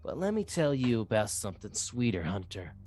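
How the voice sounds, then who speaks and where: A tabletop game master voicing a sly, tempting jungle snake in an animated, hushing way. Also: medium pitch, fairly quick, faint music behind, pitched below the performer's own voice. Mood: pleading then coaxing. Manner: coaxing, drops to a hush on sweet words.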